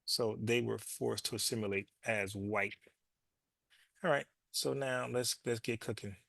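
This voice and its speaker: A man hosts his own commentary show in a gravelly, fry-edged voice. He talks loosely and bluntly, repeats words as he restarts, and the sound is close and dry. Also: mid-range voice, steady tone, a little slow, fairly bright tone, dry recording. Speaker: show host. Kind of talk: casual commentary monologue.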